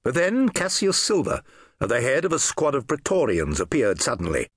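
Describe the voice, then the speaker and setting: A man narrating a historical novel audiobook in an expressive storytelling manner. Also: medium pitch, moderate pace, slightly rough, no echo, studio quality.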